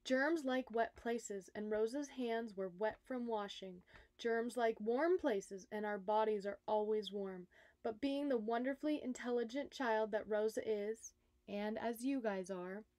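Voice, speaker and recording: A woman, a nurse, reading a children's picture book aloud, expressive and speaking directly to young listeners. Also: fairly high pitch, a little slow, no room sound. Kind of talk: storybook read-aloud for children.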